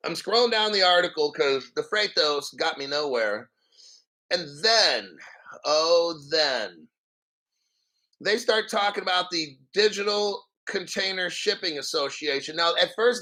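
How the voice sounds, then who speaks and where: A man hosting a crypto livestream, reading an article aloud with profane, sarcastic rambling asides and frequent throat-clearing. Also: a little high, bright, forceful tone, poor audio. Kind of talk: profane ranting commentary while reading an article.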